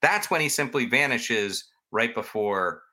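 A man's voice: mid-range voice, animated, measured pace, bright, forceful tone. A man hosting a podcast, casually telling ghost stories in a chatty, rambling way and poking fun at himself. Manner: chatty, rambling, self-mocking. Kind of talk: casual storytelling chat.

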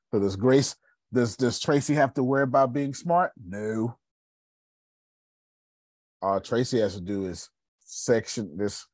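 A man's voice: medium pitch, animated, a little slow, no echo, clean studio sound. A man leading an online group class as instructor, talking colloquially and repeating phrases for emphasis over a video call.

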